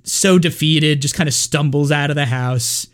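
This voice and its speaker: A man co-hosting a podcast, casually recapping a movie in a relaxed, rambling way full of fillers. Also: a little high, normal speed. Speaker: podcast co-host.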